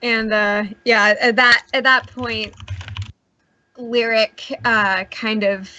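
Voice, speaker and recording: A woman's voice: on the high side, steady tone, slow pace, sharp tone. A young woman playing a tabletop game, describing her character's actions and asking hesitant questions. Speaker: player.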